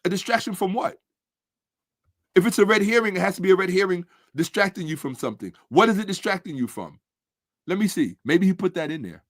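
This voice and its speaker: Combative man, slightly high, dry sound. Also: expressive, fairly quick, dry recording. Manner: combative, sarcastic, repeats points for emphasis. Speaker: commentator. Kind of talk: monologue reacting to on-screen comments.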